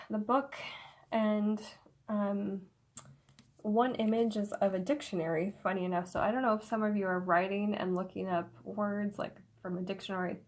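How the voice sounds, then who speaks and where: A woman giving a casual tarot reading, slightly hoarse, with halting speech full of fillers and soft laughs, in an indoor room. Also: medium pitch. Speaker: tarot reader. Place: indoor room with incense smoke.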